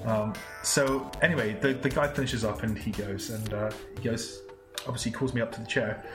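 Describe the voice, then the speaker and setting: A man from England with a British accent tells a long, rambling story, tripping over his words and laughing as he goes. The recording sounds roomy, and music plays clearly in the background. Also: lowish voice, fairly even intonation, moderate pace. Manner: rambling storyteller, laughs often, many restarts. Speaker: podcast co-host. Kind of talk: casual podcast chat.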